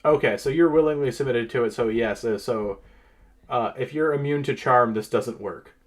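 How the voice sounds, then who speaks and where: A man's voice: mid-range voice, normal speed. A man running a tabletop game as game master, explaining rules with lots of fillers. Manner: lively, explains rules at length with frequent fillers.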